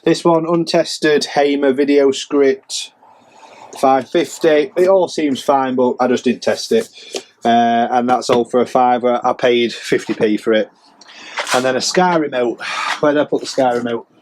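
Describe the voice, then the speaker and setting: Male reseller, casual self-mocking ramble, mid pitch, faint background noise. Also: steady tone, measured pace. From England. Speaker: reseller vlogger. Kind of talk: casual rambling sales update.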